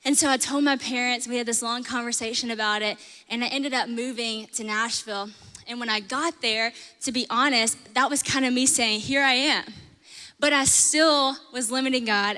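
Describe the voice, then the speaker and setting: A young woman sharing a personal faith testimony, earnest and animated, with lots of "like". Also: fairly high pitch, long reverb tail. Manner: earnest, animated storytelling with frequent "like". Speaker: host sharing her testimony.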